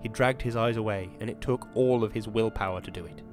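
A man hosting a podcast, giving a measured, dramatic reading of a horror novel and then chatting about it. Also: on the low side, music in the background. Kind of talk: dramatic reading and casual commentary.

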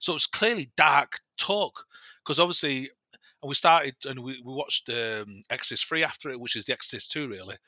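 Bright, rambling man telling a story. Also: mid-range voice, a little fast, no echo. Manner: rambling, many restarts and self-corrections; animated retelling with quoted dialogue. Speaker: guest. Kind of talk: casual storytelling.

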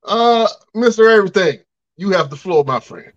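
A man hosts a wrestling podcast with a lively, swinging pitch. He hands the floor to guests and reacts with excitable hype. His voice sits a little above average. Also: moderate pace, highs cut off. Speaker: podcast host. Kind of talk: casual podcast hosting.

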